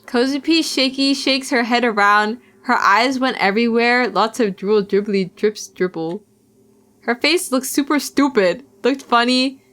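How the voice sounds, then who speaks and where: A woman's voice: fairly high pitch, unhurried, a bit bright. Playful young woman streamer reading a game. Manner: playful, giggly asides between reading. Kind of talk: reading a visual novel aloud on stream.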